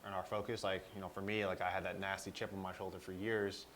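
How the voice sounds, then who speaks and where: A man's voice: deep voice, little pitch movement, fast talker, a bit bright, slight background noise. A young man co-hosting a podcast, talking earnestly about drive and mindset with many fillers. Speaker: podcast co-host. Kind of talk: casual chat.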